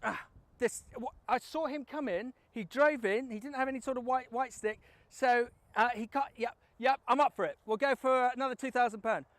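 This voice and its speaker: A man voicing an eager, excitable taxman in a told joke. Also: extremely high pitch, normal speed, no room sound. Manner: eager, exclamatory, gleeful when winning. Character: excitable middle-aged male taxman.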